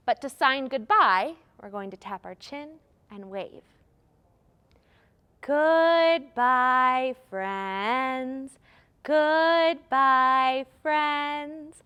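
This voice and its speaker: High, slow, sing-song storytime woman. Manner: animated, exaggerated gasps and animal sounds. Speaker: children's librarian leading storytime. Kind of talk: sing-song storytime rhymes for young children.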